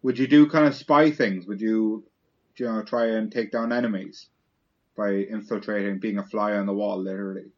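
A young man with an Irish accent, mid-pitched, spinning dry, deadpan little stories among friends. The recording is dull and lo-fi. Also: moderate pace. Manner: dry, wry storytelling. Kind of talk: casual chat.

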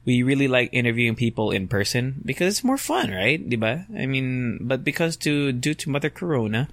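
Guy, hoarse just-woke-up voice, chatty solo podcast, dry close sound. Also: medium pitch, big pitch swings, fairly quick, fairly bright tone, no room sound. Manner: rambling, self-correcting, chatty. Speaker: podcast host. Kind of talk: casual solo podcast talk.

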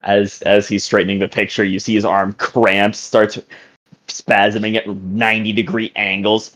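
A man's voice: fairly low pitch, flat delivery, unhurried, a bit bright, no room sound. A man playing a tabletop game, casually describing what his character does. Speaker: player. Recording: dull lo-fi audio.

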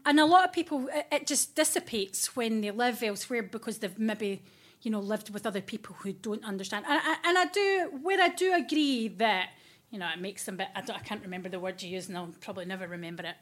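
A woman's voice: on the high side, fairly bright tone. A woman from Fife with a Scottish accent, a guest in a casual podcast interview in a hotel room, speaking frankly. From Fife, Scotland.

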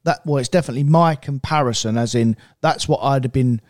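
A man co-hosting a casual podcast, chiming in with quick, eager interjections. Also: medium pitch, a little mellow, no echo, clean studio sound. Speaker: podcast co-host.

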